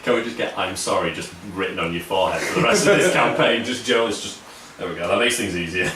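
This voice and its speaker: Joking player heard from across an echoey room. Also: male voice, sits low, fast, pushed and bright, a little hiss or hum. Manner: joking, teasing. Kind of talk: casual tabletop play chat. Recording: echoey room, far from the mic, chatter behind.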